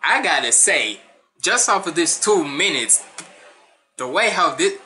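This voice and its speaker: A Caribbean man with a Jamaican accent talks over a rap cypher, excited and chatty, laughing often. His voice comes across bright and forceful. Quiet music plays under his comments. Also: fairly high pitch, unhurried. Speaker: reaction streamer.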